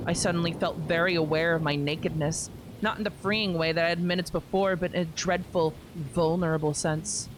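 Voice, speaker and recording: A young woman streamer reading a visual novel aloud, expressive, with wry asides. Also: lowish voice, a little hiss or hum.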